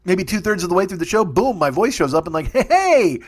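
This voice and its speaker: Brief: forties male comic host, quick, profane, rambling home-podcast monologue. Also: high voice. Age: 40s. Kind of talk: solo comedy monologue. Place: home studio. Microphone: studio mic with earbuds.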